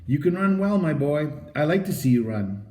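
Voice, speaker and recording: A man voicing a genial, hearty older gentleman in a storybook, speaking in an approving way. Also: on the high side, big pitch swings, moderate pace, roomy sound.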